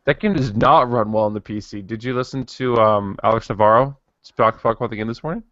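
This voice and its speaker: A man co-hosting a casual podcast who talks haltingly, repeating words and mumbling. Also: mid-range voice, fairly bright tone, no echo, highs cut off. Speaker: podcast co-host. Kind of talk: casual chat.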